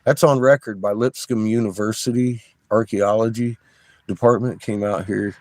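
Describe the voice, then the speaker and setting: A middle-aged man with a low, dark voice talks in a casual, rambling monologue. He swears freely and gets excitable and conspiratorial as he points out shapes in his rocks. He is recording inside an RV. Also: normal speed, no room sound. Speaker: vlogger showing rocks.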